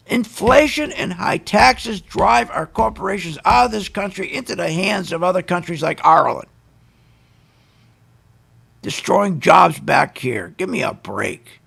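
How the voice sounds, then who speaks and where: A man's voice: high-pitched, gravelly, fairly bright tone, breathy edge. A man hosting a talk radio show, ranting with indignant emphasis and rhetorical questions.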